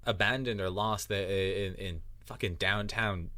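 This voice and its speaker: A man's voice: lowish voice, steady tone, a little slow, bright, forceful tone. A man co-hosting a podcast with a mixed Irish and American accent, chatting casually, rambling, swearing and laughing often. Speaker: podcast co-host. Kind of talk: casual chat.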